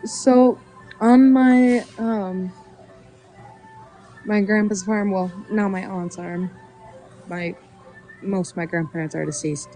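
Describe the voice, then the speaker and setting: Chatty woman streamer, mellow voice. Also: mid-range voice, steady tone, takes it slowly, long pauses, faint music behind, low-quality recording. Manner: chatty, laughs often, reads chat aloud. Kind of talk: casual live-stream chat.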